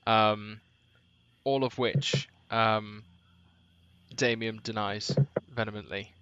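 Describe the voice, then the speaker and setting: A man narrating as game master, hesitant and full of pauses and restarts. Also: lowish voice, steady tone, sharp tone, clean tone, dry recording, highs cut off. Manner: hesitant, many ums and restarts.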